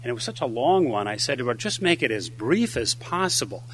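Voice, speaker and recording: Animated older man speaking. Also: medium pitch, fairly quick, slight background noise. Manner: storytelling, lively delivery. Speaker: conference speaker. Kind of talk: speech with anecdotes and a joke.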